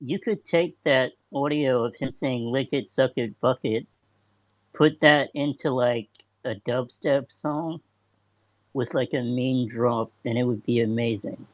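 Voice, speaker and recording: A man chats eagerly in a live audio room in a casual tone. His voice sits at a middle pitch, and the sound is dry and close. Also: fairly even intonation, unhurried, dry recording. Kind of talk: casual chat.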